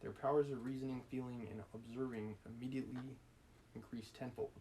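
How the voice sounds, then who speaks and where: A man's voice: mid-range voice, steady tone, brisk, dark tone, slight background noise, poor audio. A man hosting a live stream, reading a classic novel aloud in a casual way with joking asides and small slips. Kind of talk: casual read-aloud with commentary.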